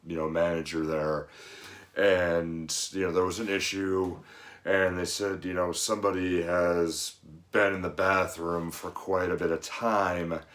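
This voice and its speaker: A man's voice: low voice, level tone, measured pace, fairly bright tone. A middle-aged man, a fitness coach, giving an earnest, rambling motivational monologue full of "you know" asides.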